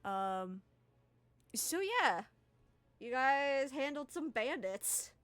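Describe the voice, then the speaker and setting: Slow-talking young woman game master. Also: high-pitched, sing-song, a bit bright, no room sound. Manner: laughing, loose, swearing casually. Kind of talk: running a tabletop game.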